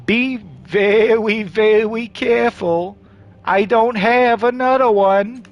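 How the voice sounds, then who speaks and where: A man voicing a nervous male trinket-maker in a cartoonish lisping voice, drawn out slow and careful. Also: high-pitched, fairly even intonation, muffled recording, voice pushed up.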